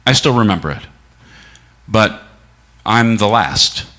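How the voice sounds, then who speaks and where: Bright-voiced man giving a reflective sermon. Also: fairly low pitch, lively intonation. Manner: reflective, asking listeners many rhetorical questions, slowing down for emphasis. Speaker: guest speaker at a church service.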